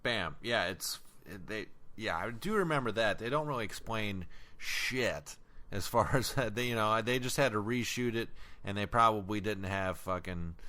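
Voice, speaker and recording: A man co-hosting a podcast, chatting casually about a horror film, swearing freely and breaking into laughs. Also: fairly low pitch. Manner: profane, animated, quick to laugh. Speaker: podcast co-host. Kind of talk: casual film review chat.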